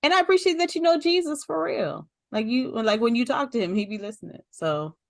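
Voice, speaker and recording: A woman's voice: on the high side, lively intonation, fairly quick, creaky, no room sound, clean studio sound. A woman hosting a casual conversation with a friend, laughing often and getting emotional. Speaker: host.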